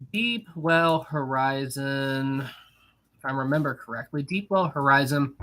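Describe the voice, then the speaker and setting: Upbeat male live-stream host with a bright, forward voice; casual chat with viewers, reading comments aloud. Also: on the high side.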